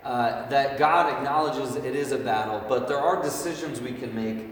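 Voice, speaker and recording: A man's voice: mid-range voice, moderate pace, a little hiss or hum. A man in his thirties giving a casual, conversational sermon to a youth group, often checking in with the room by asking "right?". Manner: conversational, asks the room frequent "right?" questions. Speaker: preacher. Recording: echoey hall, mic at a distance.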